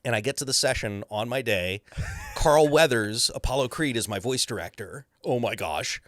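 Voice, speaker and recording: A man's voice: mid-range voice, moderate pace, a bit bright, dry recording, studio quality. A man who is a voice actor, telling stories animatedly in a podcast interview and slipping into character voices. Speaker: voice actor guest.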